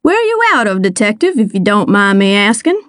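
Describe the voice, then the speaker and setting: A woman voicing a genial, smooth-talking small-town male mayor in an audiobook, effusive and chatty. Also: mid-range voice, very animated, brisk, fairly bright tone, no echo, studio quality. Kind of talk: audiobook character voice.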